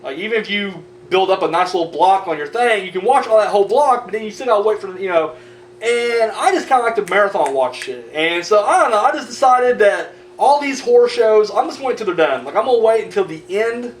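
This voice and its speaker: A man's voice: high voice, lively intonation, fast talker. A man hosting a horror news vlog, ranting and swearing in casual, rambling commentary. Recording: roomy, distant mic, faint noise.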